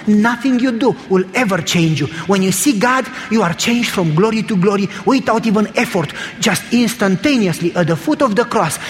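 A man preaching a storytelling sermon, emphatic and building through repetition, then leading a prayer. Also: sits high. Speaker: pastor. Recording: long hall reverb, faint noise.

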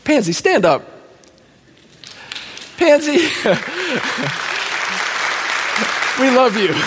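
A man's voice: very high-pitched, very animated, very slow, pauses often, a loud crowd, heavy background noise. A middle-aged man giving an emotional testimony to a church congregation, telling his story with feeling and frequent laughter. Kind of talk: testimony sermon. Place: church sanctuary. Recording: long church hall reverb.

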